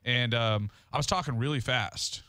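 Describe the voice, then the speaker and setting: A podcast co-host chats casually in a mid-range male voice at a normal pace, his tone bright and forceful. He rambles, cutting himself off and restarting sentences. The studio-quality recording has no echo.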